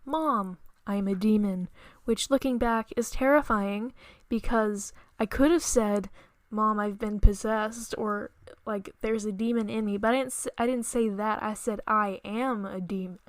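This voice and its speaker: A young woman hosting a podcast, telling a frightening dream in an earnest, halting way with many restarts. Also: on the high side, fairly even intonation, no echo. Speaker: podcast host. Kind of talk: storytelling monologue.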